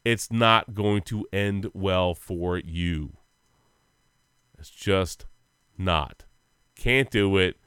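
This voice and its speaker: A man with a lowish, smooth voice co-hosts a sports podcast, rambling through football news in a loose, profane way. He is close to the mic, and the sound is dry. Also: extremely slow, long pauses, a bit bright, no room sound. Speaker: podcast co-host. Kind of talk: casual sports chat.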